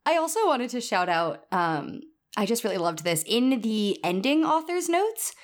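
A woman co-hosting a podcast in casual chat, animated and acting out the quotes she retells. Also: fairly high pitch, normal speed. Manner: animated, acts out quoted lines. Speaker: podcast co-host.

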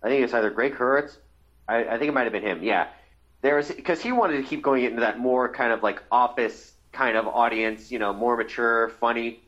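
A man's voice: mid-range voice, a little fast, a bit bright. A man in his thirties co-hosting a podcast, talking casually and hesitantly, with many fillers. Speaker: podcast co-host. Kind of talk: casual chat. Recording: dull lo-fi sound.

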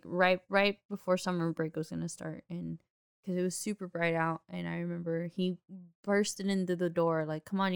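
A woman telling an animated personal story in casual chat, often laughing. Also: fairly low pitch, smooth, dry recording, studio quality.

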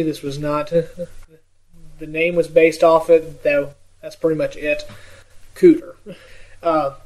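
A man's voice: fairly high pitch, poor audio. A man co-hosting a comedy podcast in casual chat, joking and laughing often. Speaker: podcast co-host.

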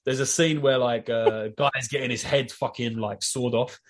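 A man in a casual chat, telling stories with lively energy and plenty of swearing and filler words. His voice sits at an ordinary middle pitch for a man. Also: moderate pace. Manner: animated storyteller, heavy swearing, lots of fillers.

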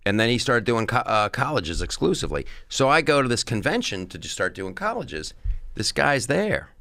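A male comedian telling stories in a casual interview, animated and acting out impressions. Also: mid-range voice, normal speed, dry recording, clean studio sound. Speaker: comedian guest.

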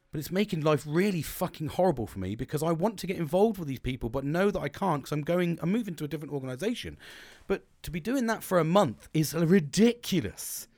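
This British man's fairly high, slightly mellow voice comes through a dry, clean studio recording. In his unscripted vlog he talks about himself bluntly and without a filter, swearing a lot and making many false starts, and calls himself bolshy and gobby.

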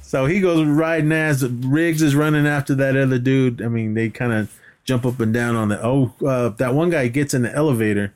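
A man's voice: mid-range voice, moderate pace. A man co-hosting a podcast, casually recapping a movie scene by scene, swearing freely and acting out lines from it. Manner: animated retelling with acted-out quotes, swears freely, laughs often. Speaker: podcast co-host.

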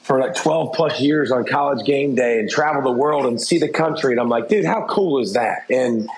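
Brief: middle-aged male interview guest, candid and rambling, mid pitch, echoey room. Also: moderate pace. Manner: candid, rambling, frequent restarts and fillers. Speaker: interview guest, former TV football analyst. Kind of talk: casual interview talk. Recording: roomy echo.

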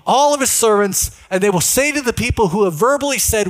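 A man's voice: high voice, lively intonation, a little fast. A male pastor preaching a sermon in a conversational way, often putting questions to the congregation.

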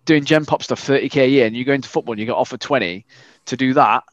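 A man in his thirties from England, chatting casually as a podcast co-host, animated and sweary. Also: medium pitch, fast, dry recording, dull audio. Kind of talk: casual chat.

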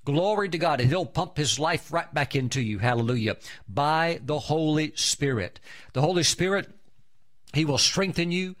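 Exuberant male pastor shouting hallelujahs. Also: on the high side, animated, moderate pace. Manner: exuberant, shouts hallelujah and praise, tells anecdotes. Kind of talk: sermon.

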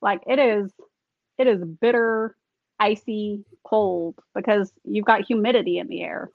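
A woman's voice: mid-range voice, measured pace, vocal fry, dry recording, narrow, tinny audio. A woman in casual chat, talking emphatically and often saying "like". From Southern US. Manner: chatty, emphatic, uses 'like' a lot.

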